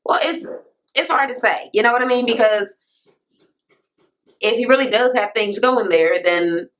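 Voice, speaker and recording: A woman vlogger giving a blunt, profane, animated rant while recapping a reality TV episode and acting out what the people said. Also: a little high, normal speed, rough recording. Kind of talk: casual ranting recap.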